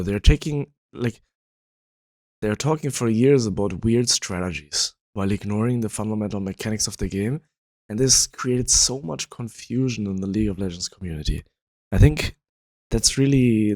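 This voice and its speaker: A man's voice: on the low side, a little mellow, no room sound. A man hosting his own video, explaining his views in a casual, rambling way with lots of fillers, his voice sounding worn and tired. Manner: rambling, frequent "you know" fillers. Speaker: video host.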